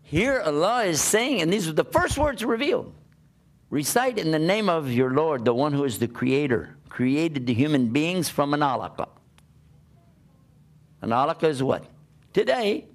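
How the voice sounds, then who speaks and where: A man's voice: fairly high pitch, moderate pace. An older American man preaching a conversational sermon, telling stories and asking rhetorical questions. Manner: animated storytelling with rhetorical questions. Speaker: Islamic preacher.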